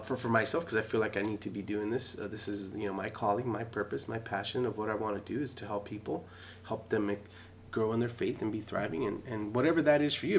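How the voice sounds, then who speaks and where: A man's voice: on the low side, a little hiss or hum. A middle-aged man who teaches a casual Bible study, talking conversationally with frequent tag questions and restarts. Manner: conversational, repeats "right?", restarts often.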